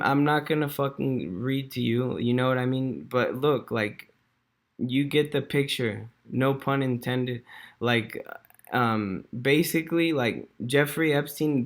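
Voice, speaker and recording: A man's voice: medium pitch, a bit bright. A man ranting casually to camera in a slangy, rambling way, full of fillers, swearing, dude and bro. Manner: rambling, restarts, chuckles to himself. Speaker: vlogger.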